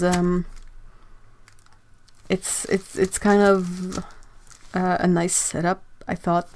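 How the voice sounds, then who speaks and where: A woman's voice: fairly low pitch, level tone, slow, long pauses, darkish tone, slight background noise. A woman chatting casually on an art livestream, sleepy, rambling, laughing often and restarting her sentences. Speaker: artist livestreaming. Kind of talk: casual livestream chat, reading comments.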